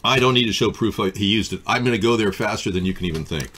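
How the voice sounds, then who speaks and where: A man's voice: fairly low pitch, fast talker, fairly bright tone, slight background noise. A man hosting a live political talk stream, riffing sardonically on viewer comments. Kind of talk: casual political chat.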